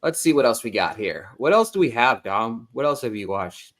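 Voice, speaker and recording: A man co-hosting a casual movie review podcast, talking haltingly with many fillers and restarts. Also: mid-range voice, very animated, a bit bright. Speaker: podcast co-host.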